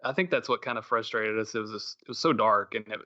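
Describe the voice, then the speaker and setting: A man's voice: on the low side, fairly even intonation, fast talker, sharp tone, lo-fi sound. A middle-aged man co-hosting a podcast, telling a rambling story in casual chat with many fillers and restarts. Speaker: podcast co-host.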